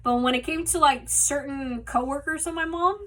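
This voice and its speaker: A woman's voice: sits high, moderate pace, fairly bright tone, far from the mic. A woman casually telling a personal story as a podcast host, rambling with lots of "like" and "you know", recorded on a phone. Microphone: phone mic.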